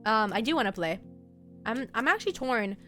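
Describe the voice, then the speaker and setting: A woman's voice: fairly high pitch, animated, moderate pace, a bit bright, faint music behind. A young adult woman streaming and chatting casually, rambling from one thing to the next and laughing often. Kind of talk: casual chat.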